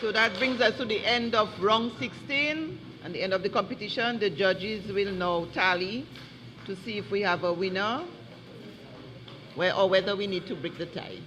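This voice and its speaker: A man working as a spelling bee pronouncer, reading each word in a measured, formal way and repeating it clearly. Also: sits high, noisy background. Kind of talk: reading out words for a spelling contest. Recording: reverberant hall with faint murmur.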